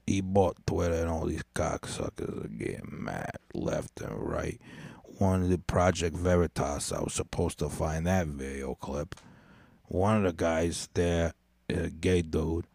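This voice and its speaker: A man's voice: deep voice, a little slow, gravelly, a little mellow, no room sound. A man hosting a podcast, ranting in a rambling, profane way and stumbling over his words. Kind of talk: casual rant.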